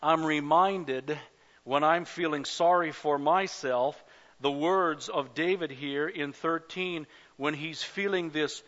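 A pastor preaching a sermon at a church service, passionate, swelling to loud cries and speaking straight to the congregation. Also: male voice, fairly high pitch, slow pace. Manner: addresses the congregation directly. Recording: dull lo-fi recording.

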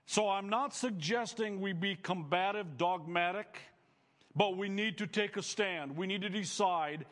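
High-voiced preacher in a reverberant hall. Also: male voice, unhurried, a bit bright. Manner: earnest preaching with rising emphatic phrases. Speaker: pastor. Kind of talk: sermon.

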